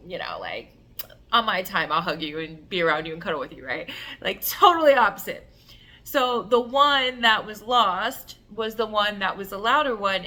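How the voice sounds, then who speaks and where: A woman telling an emotional personal story in an animated way, acting out the voices and filling her talk with "like". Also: mid-range voice. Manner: animated, acts out voices and cries, many "like" fillers. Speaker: self-love coach telling a personal story.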